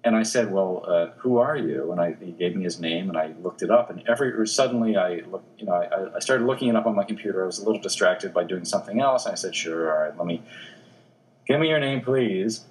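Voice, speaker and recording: A man who is a newspaper obituary editor, a guest in an interview, telling anecdotes in an animated way with frequent restarts. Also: deep voice, fast, poor audio.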